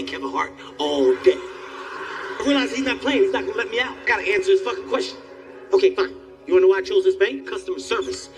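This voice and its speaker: A man in his forties doing stand-up comedy, telling loud, animated stories with shouted outbursts. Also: high voice, recorded from a distance. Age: 40s.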